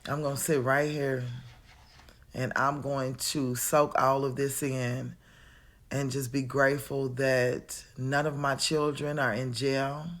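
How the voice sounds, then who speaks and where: A woman's voice: rumbling low, flat delivery, slow pace. A woman in her forties talks at home in a reflective, casual monologue, chatty and calling the listener honey. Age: 40s. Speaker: vlogger. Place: at home, indoors.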